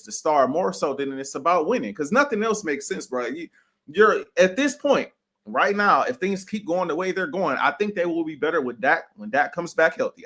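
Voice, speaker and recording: Guy on a sports podcast going off, casual and opinionated, kinda high voice. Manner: animated, slangy, keeps saying bro; opinionated and emphatic.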